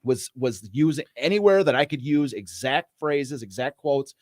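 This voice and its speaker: A man's voice: mid-range voice, animated, normal speed, no echo. Guy chatting on a podcast, all fired up, keeps restarting sentences, dead dry sound. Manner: enthusiastic, many restarts and fillers. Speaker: podcast co-host, screenwriter. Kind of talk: casual chat, reading a screenplay aloud.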